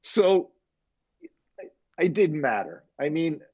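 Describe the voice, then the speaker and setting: Older man telling animated studio stories. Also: a little high, slow, breathy edge. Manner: animated anecdotes, quoting others, chuckling. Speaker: mixing engineer guest. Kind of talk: casual interview storytelling. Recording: dull lo-fi sound.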